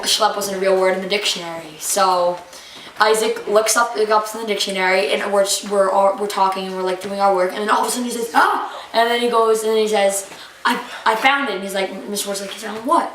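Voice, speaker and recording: A woman's voice: medium pitch, fairly even intonation, brisk, fairly bright tone. A teenage girl telling a classroom story in a chatty, hesitant way, full of fillers. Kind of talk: home video anecdote. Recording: echoey room, distant mic, faint noise.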